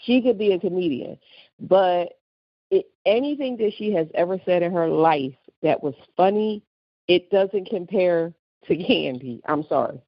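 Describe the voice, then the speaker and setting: A woman's voice: on the low side, measured pace, no room sound, lo-fi sound. Laughing woman host telling a story. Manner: animated storytelling, laughs a lot. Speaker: podcast co-host. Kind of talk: casual chat.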